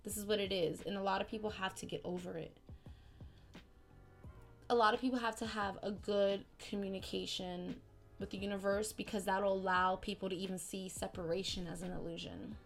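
A woman hosting a spiritual podcast, talking in a casual, slangy, animated way that swings between excited outbursts and softer, quieter stretches. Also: medium pitch, moderate pace, vocal fry, faint music behind. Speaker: podcast host.

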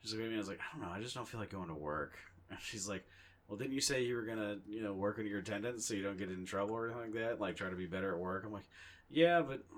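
A man's voice: fairly low pitch, racing. A young man co-hosting a podcast in casual chat, telling rambling, profane, self-mocking stories. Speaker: podcast co-host.

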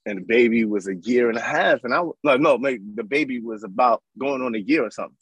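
A man in his thirties from New York, telling his life story as an interview guest in an animated, casual way. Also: medium pitch, quick pace, husky, dry recording, poor audio. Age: 30s. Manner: animated, acts out voices in his stories.

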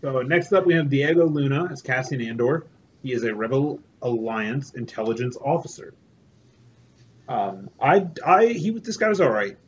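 A man's voice: medium pitch, animated, moderate pace. A man hosting a casual podcast, loose and profane, restarting his sentences often. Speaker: podcast host. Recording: dull lo-fi recording with faint hiss.

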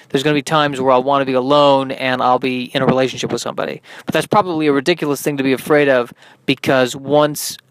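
A man's voice: on the high side, a bit bright, no room sound. A man hosting a solo podcast, tired and yawning, rambling in a self-deprecating way. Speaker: podcast host.

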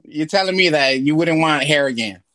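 A man in animated, profane podcast banter, acting out imagined conversations. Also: fairly high pitch, moderate pace, no echo. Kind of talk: casual chat.

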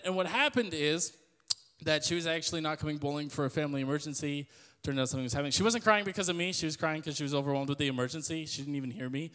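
A young man giving a loud, joking youth sermon to an audience in a church hall. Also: on the high side, rapid-fire, clear, resonant tone. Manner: loud, joking, self-deprecating storyteller. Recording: long hall reverb.

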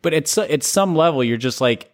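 A man's voice: on the high side, animated, moderate pace. Hesitant man co-hosting a chat podcast. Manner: hesitant, restarts often, wry. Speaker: podcast co-host. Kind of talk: casual chat.

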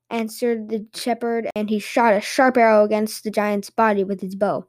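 A woman host reading fairy tales aloud in lively storytelling narration. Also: mid-range voice, a little fast, few pauses.

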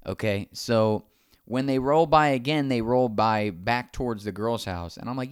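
A man's voice: medium pitch, moderate pace, clear, resonant tone, dry recording, clean studio sound. A man casually telling a long anecdote, acting out the other people's lines as he goes. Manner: animated, acts out quoted dialogue.

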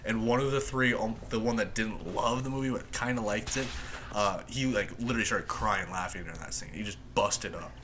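A man hosting a casual chat, excitedly quoting lines and laughing often. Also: lowish voice, a little fast, noisy background. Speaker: podcast host.

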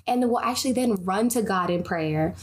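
A young woman hosting a casual faith podcast, telling animated stories and wandering off on tangents. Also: mid-range voice, normal speed. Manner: animated storytelling, goes on tangents. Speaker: podcast host.

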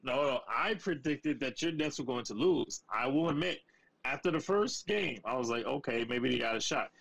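A man co-hosting a casual sports podcast, teasing his co-host and slowing down to drive his points home. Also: mid-range voice, animated, gravelly, fairly bright tone, low-quality recording.

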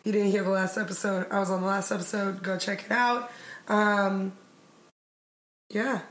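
A woman's voice: medium pitch, flat delivery, normal speed, fairly bright tone, roomy sound. A woman in her twenties co-hosting a casual podcast, laid-back and teasing. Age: 20s. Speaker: co-host, host's girlfriend.

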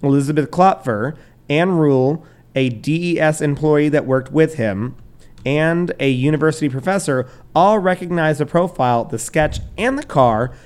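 A man's voice: fairly high pitch, moderate pace, a little mellow, smooth. Casual, cursing male podcast host. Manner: loose, swearing, stumbles over names, laughs a lot. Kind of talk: casual true crime chat.

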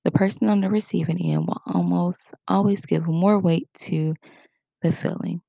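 Woman with a heavily creaky voice. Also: lowish voice, fairly even intonation, moderate pace, mellow, no echo. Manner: conversational, acts out example quotes. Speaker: instructor. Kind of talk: casual spoken lesson.

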